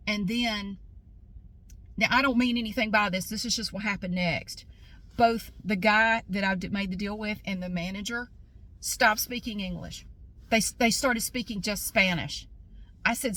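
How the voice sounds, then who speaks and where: A woman's voice: medium pitch, moderate pace, bright, forceful tone. A woman telling a story in a casual vlog, speaking bluntly and with indignation. She drives her points home by repeating them. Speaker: vlogger.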